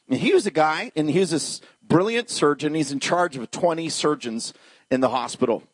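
A man's voice: on the high side, a little fast, no echo. A man preaching a humorous, story-filled sermon, joking with and questioning the congregation. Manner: humorous, animated, talks to the congregation.

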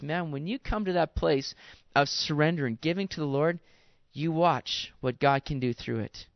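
A man's voice: on the high side, moderate pace, hardly any pauses, dry recording. A man preaching a sermon in an earnest, exhorting way, talking straight to his listeners. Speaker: pastor. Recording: dull dry sound.

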